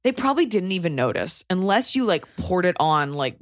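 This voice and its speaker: A woman co-hosting a casual chat, giving wry advice with quick asides. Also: lowish voice, sing-song, no room sound, clean studio sound. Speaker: podcast co-host.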